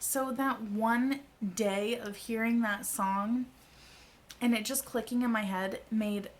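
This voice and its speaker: Chatty woman in her thirties, slightly high. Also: steady tone, takes it slowly. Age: 30s. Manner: chatty and candid, laughs easily. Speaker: vlogger. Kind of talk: personal storytelling to camera.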